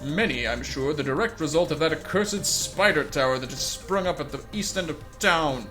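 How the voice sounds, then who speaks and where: A man's voice: fairly high pitch, lively intonation, normal speed, pushed and bright. A man voicing a male king holding court, grand and declaiming, over background music.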